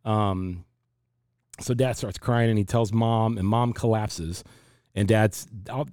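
A man in his forties with a low, mellow voice, talking through his faith in an unhurried, reflective way. He often stops and restarts his sentences. The recording is dry and close. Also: no echo. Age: 40s. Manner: reflective, halting with many restarts. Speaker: pastor. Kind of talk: casual faith discussion.

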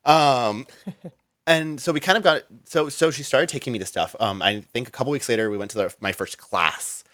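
A man's voice: medium pitch, moderate pace, a bit bright, dry recording. A man telling a long story as a guest in an interview, rambling with lots of "like" and restarts.

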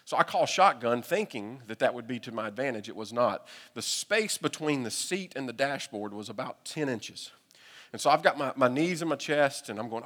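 Man, Southern US accent, pastor, humorous sermon story, animated, echoing church hall. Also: mid-range voice, moderate pace. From United States. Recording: long reverb from a hall.

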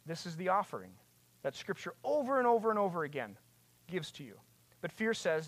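A preacher delivering a sermon with passion, asking rhetorical questions and building to loud, emphatic peaks. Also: medium pitch, very animated, measured pace, no room sound.

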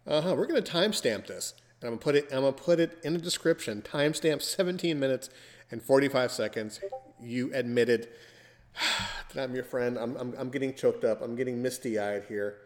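A man's voice: mid-range voice, a little fast, long reverb tail. A man hosting a casual podcast, teasing his guest in a playful, theatrical way. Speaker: podcast host.

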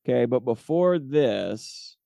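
Reading scripture aloud on his podcast, a preacher teaches the Bible conversationally and at ease, often asking "okay?" His mellow, low-toned voice is slow and creaky, and the close-miked recording sounds dry.

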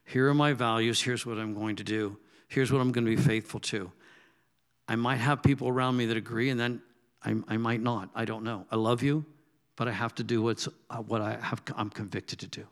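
A man preaching a sermon in a conversational way, asking the congregation direct questions and swinging between loud emphatic bursts and soft, low asides. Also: fairly even intonation, fairly quick. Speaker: pastor.

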